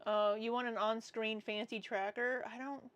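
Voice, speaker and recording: A woman's voice: on the high side, steady tone, normal speed, a bit bright, clear, resonant tone, muffled recording. A woman hosting a casual reaction livestream, talking bluntly and sarcastically and swearing freely. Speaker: livestream commentary host.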